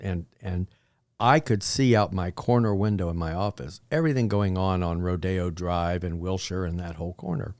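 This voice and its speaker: A man from Texas, a podcast guest, telling a story in a rambling, halting way with many fillers. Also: low voice, darkish tone, dry recording, clean studio sound. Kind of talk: casual storytelling.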